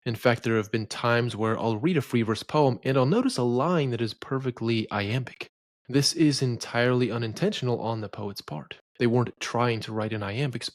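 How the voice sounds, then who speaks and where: Male poetry lecturer, mid-pitched, opinionated and didactic, dry close recording. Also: no echo. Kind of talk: scripted educational narration.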